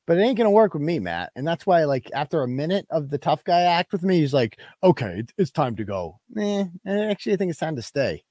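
A man's voice: fairly high pitch, sing-song, quick pace, hardly any pauses, darkish tone, no room sound, clean studio sound. A man hosting a live web show, ranting in a brash, profane and combative way and reading out viewer donations. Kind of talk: casual livestream rant.

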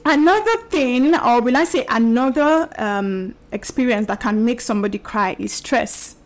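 A young woman with a slightly high voice chats casually with her audience as the host of her own show. She repeats herself, drops in fillers and now and then laughs as she talks. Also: normal speed, few pauses. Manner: chatty, repetitive, with laughs and fillers. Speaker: podcast and video host. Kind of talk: casual solo talk to camera.

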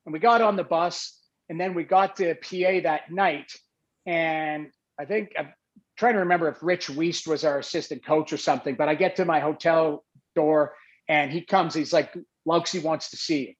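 A former hockey goalie telling an animated, rambling story in casual chat, with many restarts. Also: male voice, on the high side, normal speed, highs cut off.

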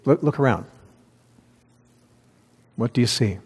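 A man's voice: medium pitch, a little slow, slightly rough. A man preaching a conversational sermon as pastor, reading scripture aloud and laughing at his own slips. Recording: long hall reverb.

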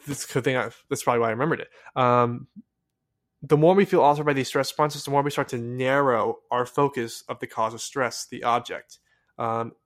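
Young guy from the states rambling on his podcast, all excited, tons of ums and restarts. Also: mid-range voice. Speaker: podcast host. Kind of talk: casual solo podcast monologue.

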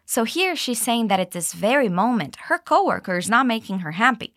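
A woman teaching English, explaining dialogue lines and modeling them slowly for learners to repeat. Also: fairly high pitch, sing-song, fairly bright tone, no room sound, studio quality. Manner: clear, slow modeling of phrases with exaggerated intonation. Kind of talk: English lesson with repeat-after-me drills.

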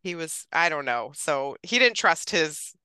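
Chatty woman with a bright, clear voice. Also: low-pitched, sing-song, measured pace, no room sound. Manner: chatty, quotes others animatedly, laughs often. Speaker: podcast guest. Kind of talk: casual storytelling.

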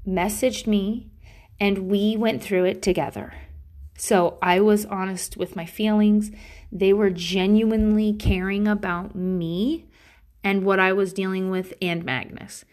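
A young woman hosting a solo podcast, talking candidly with lots of fillers and swearing, a bit sniffly, breaking into silly laughs. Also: mid-range voice. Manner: candid, swears freely, many fillers and likes; laughs between lines, playful silly bursts. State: sniffly runny nose. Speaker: podcast host. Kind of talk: casual solo podcast chat.

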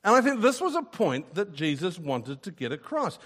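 A man's voice: high voice, sing-song, moderate pace, fairly bright tone. A man preaching a sermon, earnest and emphatic, often repeating a word as he starts a sentence. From New Zealand.

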